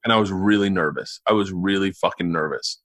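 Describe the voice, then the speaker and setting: A guest on a remote call, a man with a low voice, tells a casual story at a fairly quick pace with no echo. He's animated and profane, swearing a lot and acting out quotes loudly.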